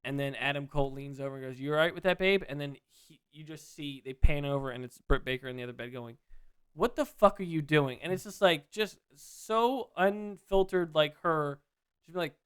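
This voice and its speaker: Guy rambling through a podcast chat, smooth clean voice, dry close sound. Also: on the high side, a little fast, no echo. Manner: animated, rambling, laughs at his own stories. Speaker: podcast co-host. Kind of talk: casual chat.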